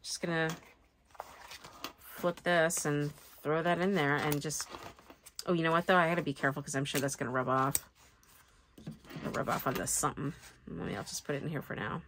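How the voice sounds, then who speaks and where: A woman's voice: low-pitched, fairly even intonation, moderate pace, pauses often, a bit bright, slight background noise. A woman vlogger chatting casually and thinking aloud as she sets up a planner, joking about herself as she goes. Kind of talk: rambling casual chat while crafting.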